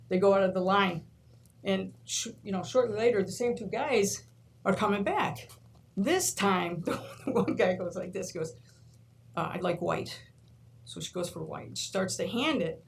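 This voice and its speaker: A woman's voice: medium pitch, gravelly, poor audio. A woman from New York, a college instructor, telling stories in a speech at a board meeting, acting out quotes and laughing often. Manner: animated storyteller, acts out quotes, laughs often. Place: large meeting room.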